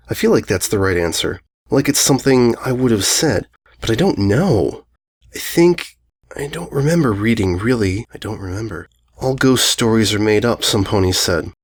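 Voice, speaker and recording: A man narrating a first-person ghost story aloud, in a brooding, unhurried, musing way. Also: medium pitch, darkish tone. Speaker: audiobook narrator.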